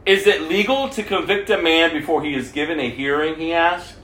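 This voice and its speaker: Guy reading the bible out loud, pretty high voice, bouncy, roomy echo. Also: a little fast. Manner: lively reading that lifts the voice for quoted speech. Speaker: preacher. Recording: echoey room.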